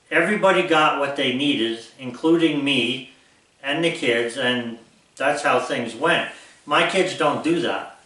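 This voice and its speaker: A man's voice: mid-range voice, pushed and bright. A man in his sixties from the United States, talking bluntly and rambling as he lectures his viewers in an unscripted monologue. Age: 60s. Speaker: vlogger. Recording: very echoey room, distant mic.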